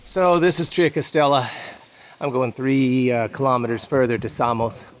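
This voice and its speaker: A man with a medium-pitched, steady voice at normal speed vlogs on a handheld phone while walking a rural pilgrimage trail outdoors. Frustrated and sarcastic, he swears often as he narrates and talks selfie-style; there's a little hiss or hum.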